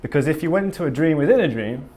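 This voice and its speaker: His voice is fairly high and warm, very fast, and expressive as he gives a casual conference talk in front of a live audience in a conference room. The delivery is earnest and meandering, punctuated by frequent ums and restarted phrases.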